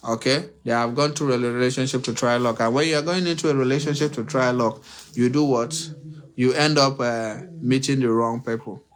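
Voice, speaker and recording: A man's voice: mid-range voice, steady tone, brisk. A man hosting a livestream, giving relationship advice in an unscripted monologue. He repeats his points, asks his own rhetorical questions and speaks straight to his listeners. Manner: preachy, repetitive, uses rhetorical questions; addresses listeners directly and emphatically.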